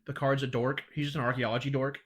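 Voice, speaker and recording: A man's voice: medium pitch, level tone, fast talker. A young man co-hosting a podcast in casual, profane chat, laughing often and tossing off sarcastic jokes. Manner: laughing, joking, sarcastic asides. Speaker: podcast co-host.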